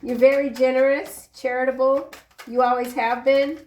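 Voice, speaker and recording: A woman's voice: a little high, a little mellow, reverberant, recorded from a distance. A woman in her forties giving a casual tarot reading, chatty and earnest, encouraging the listener and drifting into personal asides. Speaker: tarot reader.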